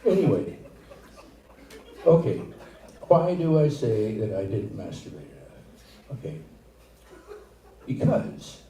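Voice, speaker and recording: An older man doing a stand-up set, with a halting, rambling delivery full of restarts. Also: medium pitch, expressive, mellow. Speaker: stand-up comedian. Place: comedy theater stage, live audience. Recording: echoey room, far from mic, noisy.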